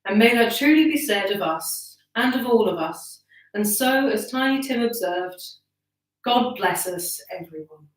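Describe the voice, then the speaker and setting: A young woman giving a live reading of a classic story, expressive and slightly strained in voice, from her living room by a wood burner. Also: on the high side, normal speed, recorded from a distance. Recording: echoey room, away from mic.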